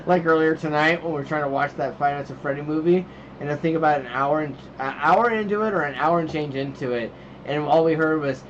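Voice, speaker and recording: A man's voice: a little high, normal speed. A man co-hosting a casual podcast, rambling through stories about his kids and acting out their lines. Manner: rambling storyteller, acts out his kids' lines. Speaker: podcast co-host. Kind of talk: casual chat. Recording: dull lo-fi sound with faint noise.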